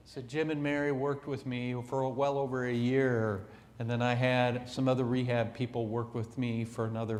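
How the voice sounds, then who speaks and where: A middle-aged man giving a motivational keynote, telling his story with dramatic swings from hushed to loud. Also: mid-range voice. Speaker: keynote speaker. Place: large conference hall. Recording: echoey hall.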